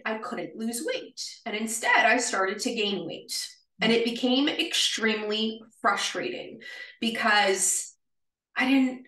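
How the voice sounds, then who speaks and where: A woman's voice: on the high side, pushed and bright, roomy sound, recorded from a distance, poor audio. A woman with a Canadian accent, a guest nutritionist explaining in a friendly, earnest way. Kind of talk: interview answers.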